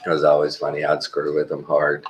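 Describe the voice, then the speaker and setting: A man's voice: rumbling low, completely flat delivery, brisk, a little hiss or hum, low-quality recording. A middle-aged man from Texas, rambling through laid-back work stories in casual chat, swearing now and then. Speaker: traveling surgical tech.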